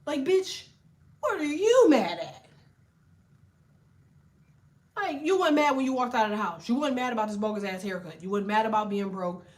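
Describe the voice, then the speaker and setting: A woman tarot reader ranting to camera in a blunt, profane, animated way while telling a story. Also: fairly high pitch, moderate pace, pauses often. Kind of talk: casual tarot rant to camera.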